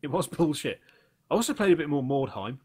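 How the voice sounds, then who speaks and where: A man co-hosting a gaming podcast, telling stories in a rambling, excitable way with swearing. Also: a little high, fairly quick, breathy edge. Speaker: podcast co-host. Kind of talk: casual gaming chat.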